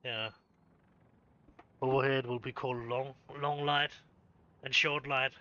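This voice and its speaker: A man's voice: medium pitch, little pitch movement, measured pace, pushed and bright, dull audio. A man hosting a game stream, chatting casually and hesitantly with lots of fillers. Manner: hesitant, many fillers and restarts. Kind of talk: casual chat while gaming.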